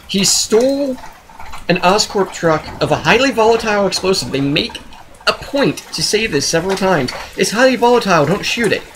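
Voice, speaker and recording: A sarcastic man rants through a comedic movie review, exasperated and mocking. His pitch is very lively, leaping up into high, incredulous outbursts. A faint hiss sits under his voice. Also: low-quality recording.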